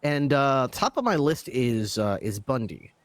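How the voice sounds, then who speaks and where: A man playing a polite police dog-unit supervisor in a game role-play, halting with many pauses and ums. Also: mid-range voice, big pitch swings, dry recording.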